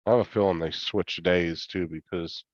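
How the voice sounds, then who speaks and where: A man's voice: deep voice, fairly even intonation, moderate pace, no echo, muffled recording. A man hosting a live stream, chatting casually in a laid-back way and swearing freely.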